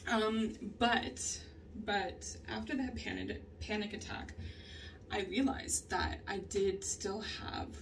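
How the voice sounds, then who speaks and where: A woman's voice: medium pitch, slow, creaky. A young woman talking candidly in a casual vlog, swearing often and laughing through her stories. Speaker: vlogger. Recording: distant mic with faint ambient noise.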